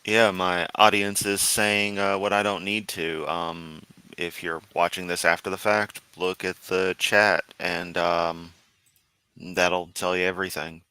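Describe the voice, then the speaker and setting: Man, live-stream host, sarcastic casual commentary, low voice, dry sound. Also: flat delivery, a little slow, bright, forceful tone, clean tone, dry recording, low-quality recording. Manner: sarcastic, dismissive, with frequent uh and um.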